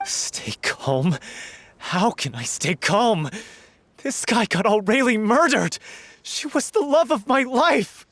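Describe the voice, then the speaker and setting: Game role: grieving hothead, lively angry delivery. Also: male voice, high voice, measured pace, breathy edge, no room sound, heavily acted. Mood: furious. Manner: shouting, accusing, bitter. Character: grieving hot-headed male troupe actor. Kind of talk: game voice acting. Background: game music.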